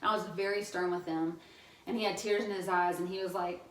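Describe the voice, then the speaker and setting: A woman's voice: fairly low pitch, fairly even intonation, brisk. A woman in her thirties, a podcast guest, telling stories in a chatty way and laughing often. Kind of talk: casual podcast chat. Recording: roomy sound, mic at a distance.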